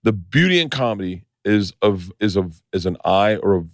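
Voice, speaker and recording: A middle-aged man hosting a podcast, telling stories in a profane, animated way in casual chat. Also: fairly low pitch, normal speed, dry recording, studio quality. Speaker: podcast host.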